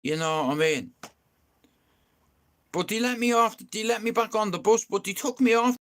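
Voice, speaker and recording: A young man with a raised, fairly high voice tells a long story on a live stream. He rambles and swears freely, and he keeps checking in with "you know what I mean". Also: normal speed, fairly bright tone. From Ireland. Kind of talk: casual storytelling to viewers.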